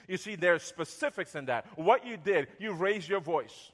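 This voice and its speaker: A man in his thirties or forties preaching a sermon as pastor, conversational, repeating words and going soft when acting out apologies. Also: high voice, animated, normal speed, in a large hall.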